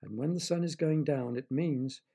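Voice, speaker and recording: A man reading a children's story aloud, gently stopping to explain things to young listeners. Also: fairly high pitch, normal speed, vocal fry, slightly rough.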